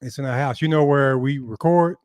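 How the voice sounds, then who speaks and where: A man's voice: medium pitch, a little fast, darkish tone, no room sound. A man co-hosting a casual chat, joking and teasing the others. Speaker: podcast co-host.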